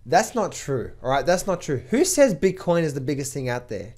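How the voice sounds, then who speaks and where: A man, a trading coach, giving market commentary to camera in an emphatic way, often repeating words when excited. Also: fairly high pitch, moderate pace.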